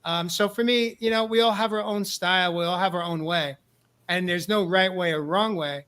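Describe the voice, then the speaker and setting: Earnest high-voiced male host. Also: normal speed, pushed and bright, clean tone. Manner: earnest, repeats words when starting sentences. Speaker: podcast host. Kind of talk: casual talk show discussion.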